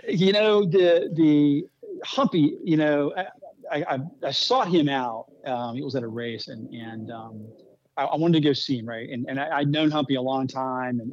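A man interviewed as a speedway executive, telling animated anecdotes with many restarts. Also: medium pitch, dull audio. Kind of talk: interview storytelling.

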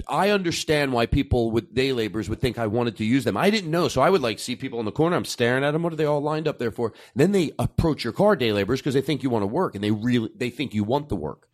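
A man's voice: mid-range voice, expressive. A man in casual conversation, telling rambling anecdotes and acting out the people in them. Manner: rambling storyteller, quick to act out voices. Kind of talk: casual chat.

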